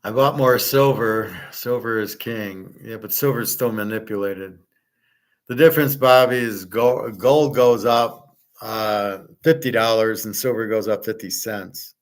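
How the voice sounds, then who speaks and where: Blunt low-voiced man. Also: measured pace. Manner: blunt, opinionated, rambling. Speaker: host answering viewer chat. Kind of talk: casual livestream commentary.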